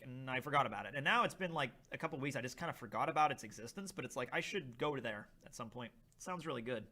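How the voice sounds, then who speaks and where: A young man hosting a casual charity livestream, reading chat aloud and trying snacks with a rambling, animated manner. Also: mid-range voice, fast talker, few pauses. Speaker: livestream host.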